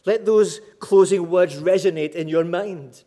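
A man's voice: high voice, measured pace, mellow. A man preaching a sermon in an emphatic, dramatic way, repeating key phrases for weight.

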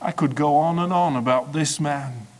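A man preaching a sermon in a measured, repetitive build-up, swinging dramatically between hushed and loud delivery. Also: on the high side.

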